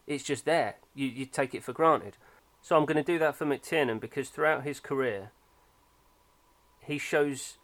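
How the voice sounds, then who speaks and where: A man's voice: medium pitch, a bit bright. A man, chatting about films in a thoughtful, opinionated way with frequent fillers. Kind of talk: casual film discussion.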